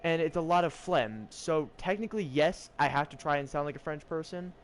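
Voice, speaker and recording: Fairly high-pitched and fairly quick, this young man streams a game while chatting casually. He reads riddles out loud and jokes around with fake French phrases, with a bit of background noise behind him.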